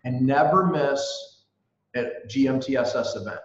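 A man chatting as a guest on a podcast, telling stories in an excitable, emphatic, self-mocking way. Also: mid-range voice, unhurried. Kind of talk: animated storytelling chat. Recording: echoey room, dull sound.

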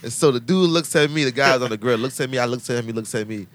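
A young man telling a long story in casual chat, slangy and animated, acting out the people he quotes. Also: mid-range voice, fast. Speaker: podcast guest telling a story.

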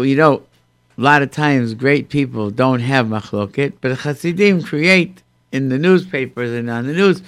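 Animated storytelling man, dry sound. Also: mid-range voice, clean tone, no echo. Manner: animated storyteller acting out quoted speech; sprinkles Hebrew and Yiddish terms. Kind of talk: casual storytelling in conversation.

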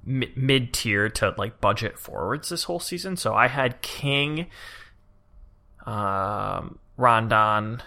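A man's voice: lowish voice, animated, slow, sharp tone. A man co-hosting a casual podcast, rambling eagerly as he talks through his reasoning. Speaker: podcast co-host.

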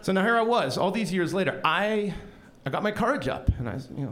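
A man telling a personal story on stage in an animated, self-deprecating way with comic timing. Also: high-pitched, brisk. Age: young adult.

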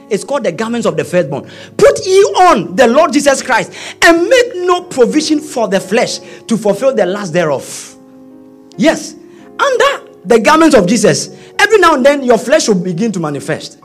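A man, preaching a sermon, swinging from quiet asides to shouting. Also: extremely high pitch, wildly swooping pitch, normal speed, slightly rough, soft background music. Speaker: pastor.

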